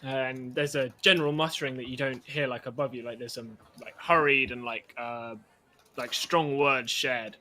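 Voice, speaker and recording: Bright-voiced male game master narrating. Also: medium pitch, steady tone, moderate pace. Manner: rambling narration with many fillers.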